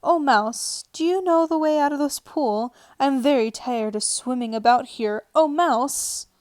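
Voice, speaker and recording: A woman's voice: a little high, normal speed, dry recording, natural voice. Earnest polite young girl, as a woman reads her. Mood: eager pleading. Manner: raised, excited girlish delivery.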